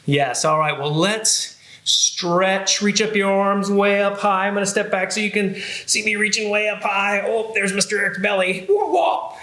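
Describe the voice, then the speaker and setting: A man's voice: sits high, level tone, moderate pace, bright, forceful tone, reverberant. A man who is a children's librarian, leading a cheerful sing-song music and movement session for young kids.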